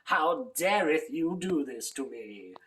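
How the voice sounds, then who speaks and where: A man voicing a grumpy, standoffish female cat who talks in a snippy, dismissive, hushed way. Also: on the high side, lively intonation, slow pace.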